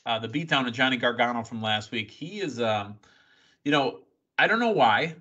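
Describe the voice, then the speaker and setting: A bright, forceful man hosts a casual wrestling podcast, running through recaps with playful quips. His pitch sits in the middle range. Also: animated, moderate pace, highs cut off. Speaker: podcast host.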